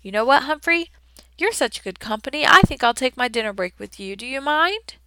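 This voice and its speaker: A loud, hearty janitor with a big friendly voice, as a woman reading a storybook puts him on. He talks in a chatty way, and there is a gravelly edge to the higher voice. The sound is dry and close. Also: animated, a little fast, no echo, full character voice. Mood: jolly. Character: jovial booming male night janitor, friendly.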